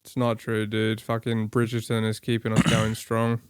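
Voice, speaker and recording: A man's voice: fairly low pitch, monotone, moderate pace, clean tone, no room sound, studio quality. An Englishman co-hosting a podcast, chatting casually in a crude, joking, rambling way. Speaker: podcast co-host. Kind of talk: casual chat.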